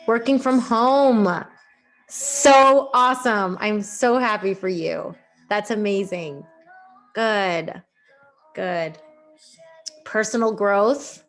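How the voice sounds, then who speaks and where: Casting: upbeat woman host on a group video call, slightly high voice, chatty and warm with laughter. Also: takes it slowly. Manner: bubbly, laughs often, reads out chat. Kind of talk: casual group chat.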